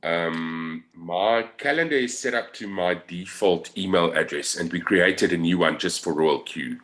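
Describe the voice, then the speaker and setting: A man with a South African accent speaks over a video call. His voice is somewhat low. He starts sentences haltingly, repeating "I" before he finds his words. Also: fairly bright tone. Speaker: webinar participant. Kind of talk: casual video call chat.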